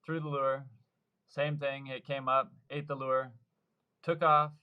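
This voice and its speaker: A man's voice: medium pitch, little pitch movement, takes it slowly, clear, resonant tone, dull audio. A man in his thirties, a surf fishing guide, telling long rambling stories in a casual interview and acting out the voices of the people he quotes. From Mexico, Baja California Sur. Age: 30s.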